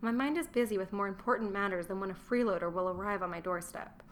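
A gruff, portly Roman merchant grumbles with open contempt for his wife, as a woman reading the audiobook voices him. His talk is blunt and scornful, with a mid-range voice and a faint hiss of noise behind it. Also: mid-range voice, fast talker, close to an everyday voice. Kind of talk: audiobook character voice.

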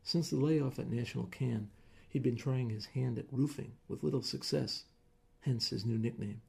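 A man reading a short story aloud in measured, plain narration. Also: mid-range voice, creaky, darkish tone, breathy edge.

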